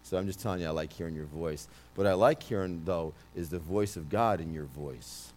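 Loud New York man giving a prophetic word. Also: low-pitched, fairly quick. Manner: loud, emphatic, with many restarts. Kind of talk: prophetic ministry speech.

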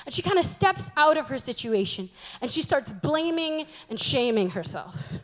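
Young woman, very high-pitched voice, chatty, self-mocking, humorous church talk. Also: big pitch swings, normal speed. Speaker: youth speaker.

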